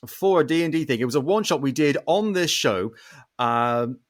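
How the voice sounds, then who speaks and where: A man hosting a podcast from home in casual chat, animated and quick to laugh. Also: on the high side, no room sound, studio quality. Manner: animated, laughs often, slips into silly character voices. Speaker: podcast host.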